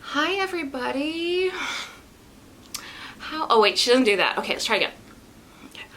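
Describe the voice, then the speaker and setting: A woman's voice: medium pitch, very animated, fast, fairly bright tone, a little hiss or hum, low-quality recording. A woman vlogging in a casual, giggly, rambling chat.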